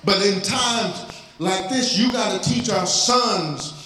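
High-voiced pastor preaching in an echoey church. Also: male voice, slow pace, sharp tone, soft background music. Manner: preaching, rising to cries in prayer. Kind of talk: sermon. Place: church sanctuary. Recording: very echoey church hall, faint noise.

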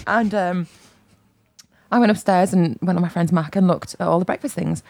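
A woman's voice: on the low side, moderate pace, gravelly, darkish tone, no echo. A woman co-hosting a food podcast, chatting casually in a wry, teasing way with plenty of fillers. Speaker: podcast co-host. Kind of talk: casual chat.

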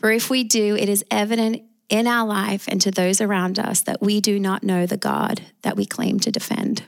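A woman's voice: mid-range voice, flat delivery, moderate pace, gravelly. A woman with an Australian accent preaching a sermon, emphatic, calling out for amens. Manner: warm, emphatic preaching with call-and-response amens.

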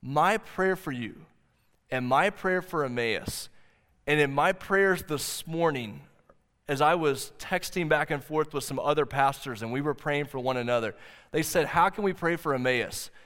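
A man preaches earnestly from the pulpit, his voice sitting a little high for a man. He leans on key phrases by slowing right down. The sound trails off into the long reverb of a large hall. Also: a bit bright. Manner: earnest preaching, slows for emphasis. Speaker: pastor. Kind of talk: sermon.

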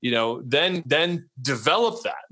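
A man's voice: on the high side, big pitch swings, measured pace, bright, forceful tone. A man hosting a podcast interview, talking in a loose, rambling way and often checking in with "right?". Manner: rambling, conversational, many tag questions. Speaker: podcast host. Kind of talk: casual interview chat.

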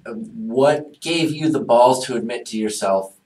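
A man's voice: mid-range voice, measured pace, darkish tone. A man hosting a podcast interview, teasing his guest and prodding with questions. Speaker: podcast host. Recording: roomy, mic at a distance.

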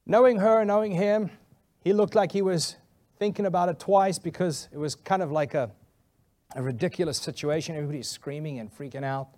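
A male pastor telling a funny story in a sermon, animated and laughing often. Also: fairly high pitch, fairly quick.

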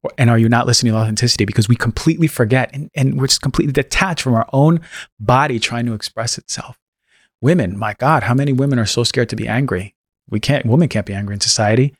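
A man's voice: medium pitch, quick pace, no echo, studio quality. A man speaking as a podcast guest in impassioned casual talk, stressing words and acting out quoted voices. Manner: emphatic, acts out quoted voices. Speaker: podcast guest, health practitioner.

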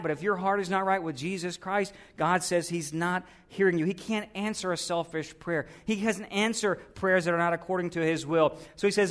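A man's voice: high voice, brisk, hardly any pauses, fairly bright tone. A man preaching a sermon as a pastor, earnest and building to emphatic peaks.

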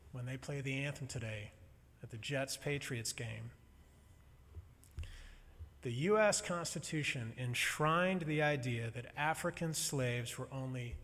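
Male pastor, mid-pitched, earnest sermon, echoing hall. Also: a bit bright. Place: church sanctuary. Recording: long reverb of a large hall.

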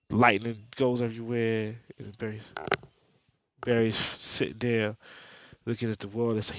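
A man's voice: fairly low pitch, fairly even intonation, moderate pace, no room sound. A man hosting a podcast, giving a rambling, profane, slang-filled recap of a comic book. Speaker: podcast host. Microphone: podcast mic.

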